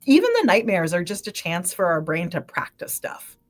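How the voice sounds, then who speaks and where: A woman scientist, a guest on a livestream, explaining sleep and dreams with lively examples. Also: lowish voice. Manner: animated, explains with quick examples. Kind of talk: livestream interview.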